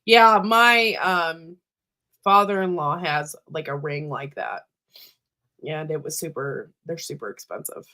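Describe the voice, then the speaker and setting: A woman's voice: low voice, a little slow, pushed and bright. A woman co-hosting a casual live stream, playful and giggly.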